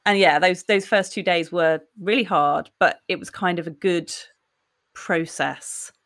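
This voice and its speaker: Woman, forties, earnest, reflective, candid podcast chat, lowish voice. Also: measured pace, fairly bright tone.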